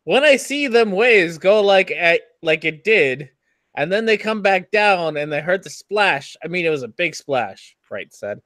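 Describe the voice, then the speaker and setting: Slow, high, very dry-sounding man. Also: big pitch swings, fairly bright tone, dry recording. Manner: amused, exclaiming. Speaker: co-host of a video review stream. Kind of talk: casual banter, reading aloud.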